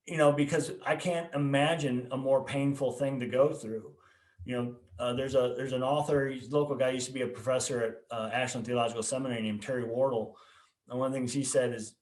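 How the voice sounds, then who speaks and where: Earnest pastor in an echoey room. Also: male voice, mid-range voice. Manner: earnest, storytelling, repeats words on restarts. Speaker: pastor and podcast host. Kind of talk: personal testimony in casual conversation.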